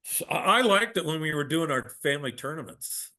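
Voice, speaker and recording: A man chatting casually about fond memories, pausing and restarting as he searches for details. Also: fairly high pitch, animated, pushed and bright. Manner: reminiscing, hesitant with restarts and chuckles. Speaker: guest. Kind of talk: casual chat.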